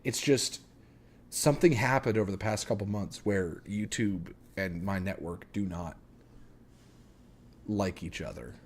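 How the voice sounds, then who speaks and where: Man, game stream host, lowish voice, rambling, casual chat, fillers. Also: a little slow, long pauses, slight background noise. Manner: rambling, easygoing, many fillers. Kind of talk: casual gaming livestream chat.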